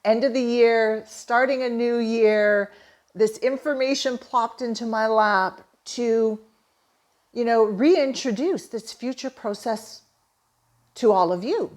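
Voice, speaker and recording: Her fairly high voice carries a darkish tone as she, a middle-aged woman from Canada working as a holistic therapist and manifesting coach, tells a personal story with earnest, emotional enthusiasm.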